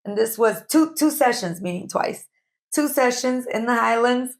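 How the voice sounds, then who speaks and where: Young woman co-host, higher voice, animated casual storyteller. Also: moderate pace. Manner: animated storyteller, laughs often. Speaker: podcast co-host. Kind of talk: casual chat.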